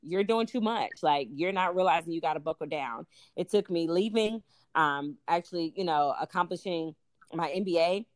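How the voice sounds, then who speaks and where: A young adult woman, a podcast guest, telling her story in casual talk, animated and full of "you know" and "like". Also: on the low side, moderate pace, no echo. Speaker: podcast guest, law student. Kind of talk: casual faith interview.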